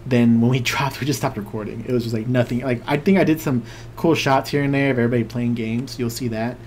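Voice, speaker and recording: A man's voice: medium pitch, steady tone, fast, a little mellow, a little hiss or hum. Rambling, laughing man on a podcast. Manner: rambling storyteller, acts out quotes, laughs often. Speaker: podcast co-host. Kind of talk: casual chat.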